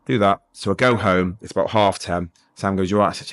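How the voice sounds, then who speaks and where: Middle-aged man, ex-police sergeant guest, rapid low-voiced storyteller. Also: clean tone. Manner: lively anecdotal, acts out dialogue. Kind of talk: casual storytelling interview.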